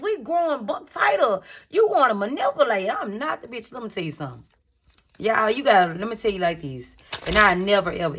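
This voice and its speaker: A woman giving a casual tarot reading, talking candidly to her viewers with slang and swearing. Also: lowish voice. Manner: chatty, rambling, addresses viewers as y'all. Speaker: tarot reader.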